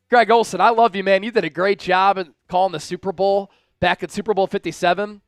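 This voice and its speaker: Male fan livestream host, high gravelly voice, excitable, shouts at big plays, faint music behind. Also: brisk, few pauses, dry recording. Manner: chats directly with viewers. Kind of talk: live watch-along commentary.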